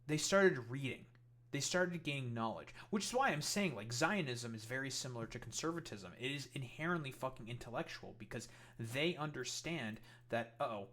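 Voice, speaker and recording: A man's voice: medium pitch, fairly bright tone. A man giving profane, heated political commentary, reacting to clips and swearing constantly.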